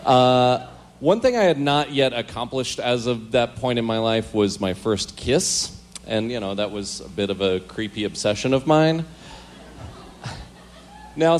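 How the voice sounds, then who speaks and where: A man's voice: mid-range voice, a little hiss or hum. A man telling a comic story on stage, reading aloud from his old diary with self-mocking chuckles.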